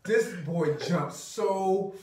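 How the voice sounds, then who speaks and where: A man's voice: high-pitched, drawn-out words, darkish tone. A man in his thirties, a podcast co-host, telling a story in casual chat, laughing and swearing a lot. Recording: roomy, distant mic.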